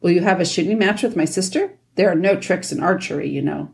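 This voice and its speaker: Calm fair-minded boy king, read by a woman. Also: fairly low pitch, creaky. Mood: reasonable. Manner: measured, reasonable.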